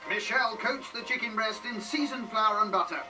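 A man narrates with a very high voice and a dry, teasing wit. The scripted lines land as quips. He sounds a bit distant, with music playing underneath. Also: fairly quick. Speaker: show narrator. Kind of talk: wry scripted voice-over narration.

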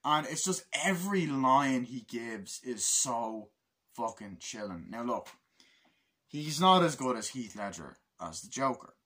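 A young man giving a casual film review, excitable and full of swearing as he retells scenes. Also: medium pitch, a little slow, husky. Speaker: movie reviewer.

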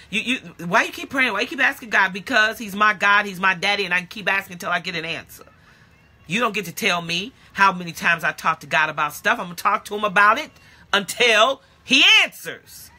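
A woman's voice: mid-range voice, a little fast, bright, forceful tone, slightly rough. A woman pastor giving a live-streamed sermon, blunt and colloquial, repeating phrases in rhythm and often bursting into emphatic exclamations. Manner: blunt and colloquial, speaks directly to listeners. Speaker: pastor and prophetic teacher.

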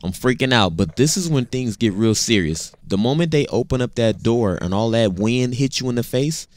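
A man in his thirties casually telling a personal story, animated and slangy, often repeating words as he talks. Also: medium pitch, moderate pace, no room sound.

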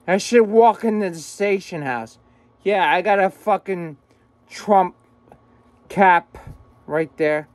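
Agitated male vlogger, high pitch, drawn-out pace, swears nonstop, dry room. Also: no room sound. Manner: agitated, swearing constantly, repetitive. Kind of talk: angry profane rant to camera. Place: room at home.

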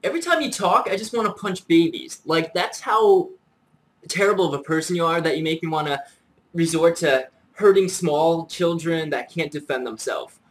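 A man's voice: on the high side, normal speed, a bit bright, rough recording. A man in a comedic rant to camera as a YouTuber, mock-furious and profane, sighing between lines.

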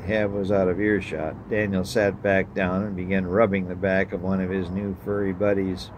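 A man's voice: on the low side, completely flat delivery, normal speed, hardly any pauses, slight background noise. A male pastor giving a sermon and reading a story, earnest and emphatic.

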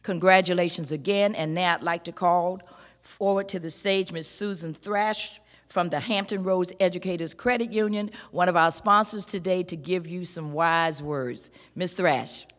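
Woman, school board speaker, low-pitched, emphatic ceremony speech, reverberant hall. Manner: measured, emphatic.

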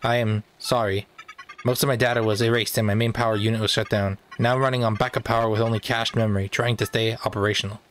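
A man's voice: lowish voice, flat delivery, fast talker, fairly bright tone, slight background noise, natural voice. Failing male computer, read by a man for a game read-along, formal and pleading. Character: dying polite male fortress computer.

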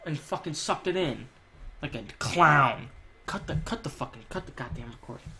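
Jokey and profane, a young gaming channel host laughs his way through crude commentary on his gameplay. His gravelly voice moves at normal speed but swings between low mutters and sudden loud shouts.

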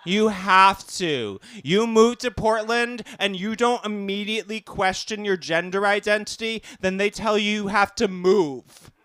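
A comedian performing a live stand-up set in a small cafe, camp and self-deprecating, with jokey asides. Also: male voice, sits high, measured pace, few pauses, a bit bright, smooth, dry recording.

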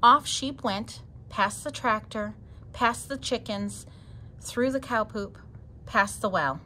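Playful woman reading a kids' storybook, bright highish voice. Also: slow pace, a little hiss or hum. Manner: animated, playful, expressive. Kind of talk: reading a picture book aloud.

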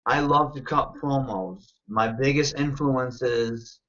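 A man from Michigan, a wrestler and interview guest, talking in an animated, confident, self-promoting way and often checking in with "you know what I mean.". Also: mid-range voice, slow, muffled recording. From Michigan, United States. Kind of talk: casual interview talk.

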